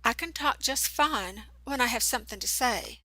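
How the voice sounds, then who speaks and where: Woman narrator as a teen witch girl, cool, guarded, bright, fairly high, dry sound, storybook. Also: lively intonation, measured pace, dry recording. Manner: cool, self-possessed.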